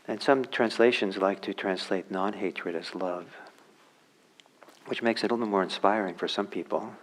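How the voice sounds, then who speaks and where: A man giving a dharma talk as a meditation teacher. He speaks reflectively and haltingly, with many fillers and restarts, and drops to a soft near-whisper on key words. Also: fairly low pitch, steady tone, rough recording. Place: meditation center hall.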